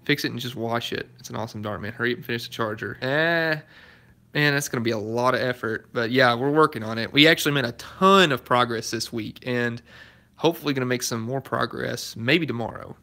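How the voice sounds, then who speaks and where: Broadcasting live from his garage workshop, a Southern US car restoration YouTuber reads viewer comments and replies in a relaxed, talkative way, with chuckles here and there. His voice is bright and forceful, mid-pitched for a man, and fairly quick.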